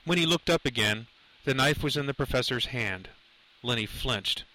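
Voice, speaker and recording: A male audiobook narrator reads a suspenseful novel in a measured, dramatic way. His voice sits in an ordinary middle pitch with a bright, forward tone. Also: expressive, poor audio. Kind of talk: scripted narration.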